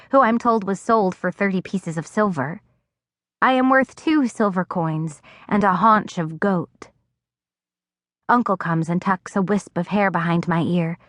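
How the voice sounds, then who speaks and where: A woman's voice: mid-range voice, dry recording. Woman narrating an audiobook, dry close mic. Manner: expressive, acting out dialogue. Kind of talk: scripted first-person narration. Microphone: close studio mic.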